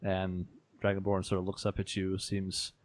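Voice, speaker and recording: A man narrating as game master of a tabletop role-playing game, in a casual, relaxed way. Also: sits low, moderate pace.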